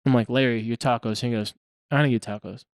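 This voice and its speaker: A man's voice: medium pitch, fast talker, a loud crowd. A young man casually telling a funny story as a podcast co-host, laughing often and acting out what people said. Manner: animated, laughing, acts out quotes.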